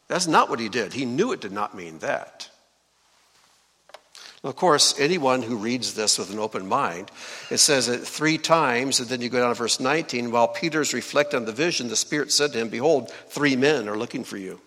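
A man preaching in a large hall with a long ringing reverb, his voice bright and forceful. His pitch swings widely as he teaches scripture and puts questions to the congregation. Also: normal speed. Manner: lively, asks the congregation questions.

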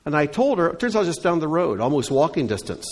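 A man's voice: on the high side, big pitch swings, fast talker, a little mellow. A man leading a congregation meeting, telling stories and fielding questions in a folksy, conversational way. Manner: folksy storyteller. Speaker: congregation leader. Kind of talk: conversational report and Q&A.

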